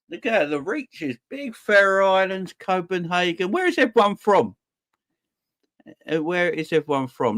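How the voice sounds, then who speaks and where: A young man hosting a football fan livestream, casually and cheerfully shouting out viewers in the chat. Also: mid-range voice, dry recording, clean studio sound. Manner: upbeat, shouting out viewers by name. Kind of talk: casual live-stream chat.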